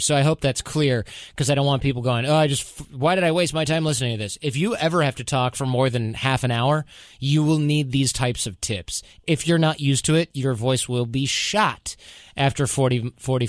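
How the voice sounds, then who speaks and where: A male podcast host talking casually, handing out advice in an animated way and acting out quotes. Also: medium pitch, dry recording, clean studio sound. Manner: animated, advice-giving, mock-quoting himself.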